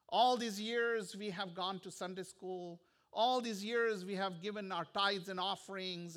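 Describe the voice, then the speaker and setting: A male pastor delivering a sermon with earnest, repetitive phrasing that sometimes drops to a hushed tone. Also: sits high. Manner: earnest, repetitive preaching with soft, hushed stretches.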